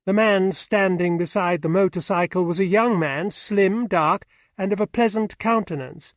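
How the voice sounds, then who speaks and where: A man narrating an audiobook with steady, even storytelling on a close mic. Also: high-pitched, moderate pace, no echo. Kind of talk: scripted narration.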